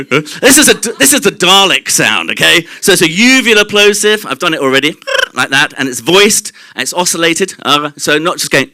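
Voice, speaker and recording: A man presents on stage with a very bright, ringing tone and a lively, swooping delivery. He explains how sounds are made, demonstrates them himself and draws the audience in with quick questions. His voice sits a touch high and sounds close and dry. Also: dry recording. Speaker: presenter at a live short-talk night. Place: club venue at a live evening event.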